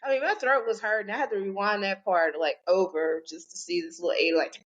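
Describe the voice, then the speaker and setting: A woman's voice: medium pitch, fairly even intonation, fast talker, fairly bright tone, highs cut off. A woman in her forties hosting a podcast, ranting in a chatty, rambling, profane way. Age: 40s. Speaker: podcast host. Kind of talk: casual ranting podcast talk.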